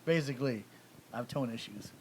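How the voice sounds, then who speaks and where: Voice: medium pitch, a little fast, a little mellow, slight background noise, low-quality recording. 播客联合主持人，音高适中，说话一阵一阵，爱开玩笑常笑，背景有轻微杂音。. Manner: joking, laughs often, talks in bursts. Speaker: podcast co-host. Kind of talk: casual chat.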